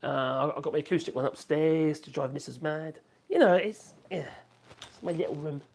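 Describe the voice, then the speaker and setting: A man's voice: fairly high pitch, normal speed, vocal fry, darkish tone. Chatty man on a home live stream. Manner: rambling, chatty, reacting to viewer comments. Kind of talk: casual live-stream chat. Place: home office room with wood burner.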